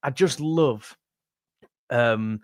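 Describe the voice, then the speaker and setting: Drawing out his words in a mid-range voice, a young music channel host reads live chat comments with a chatty, jokey air, calling viewers mate. The recording is dry and clean, studio quality.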